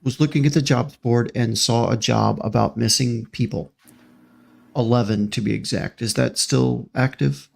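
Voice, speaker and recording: A man's voice: medium pitch, steady tone, normal speed, creaky. A man speaking in character as a very tall, polite male adventurer who talks formally and apologetically in a tabletop game.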